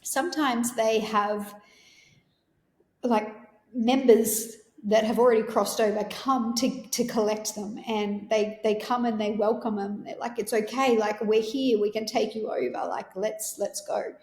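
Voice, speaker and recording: A calm, reassuring nurse, as a woman recounts her. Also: a little high, a little slow. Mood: explaining. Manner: soft, reassuring. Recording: roomy echo.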